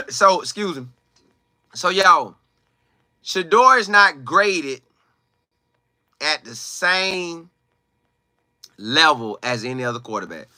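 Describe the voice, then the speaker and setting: Lively high-voiced man ranting. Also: slow, long pauses, dry recording, clean studio sound. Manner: animated, emphatic, slangy storytelling. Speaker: sports commentator. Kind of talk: casual commentary vlog.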